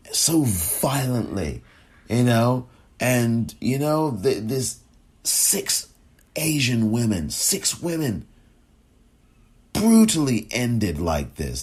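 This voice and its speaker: A man's voice: mid-range voice, very animated, drawn-out words, long pauses, slightly rough. A man hosting a podcast, delivering impassioned, indignant opinion commentary full of rhetorical questions. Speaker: podcast host.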